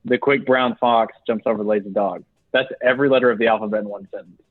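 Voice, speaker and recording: A man's voice: lowish voice, fairly even intonation, fast talker, no echo. A young man co-hosting a casual podcast, telling rambling stories and laughing as he talks. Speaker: podcast co-host. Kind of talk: casual chat. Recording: dry, tinny phone-like sound.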